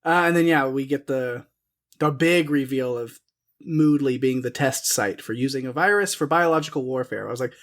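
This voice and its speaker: Guy cohosting a podcast, dry sarcastic chat, laughs a lot, mid pitch. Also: moderate pace, a bit bright. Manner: wry, sarcastic, laughs often. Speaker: podcast co-host. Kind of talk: casual chat reviewing a film.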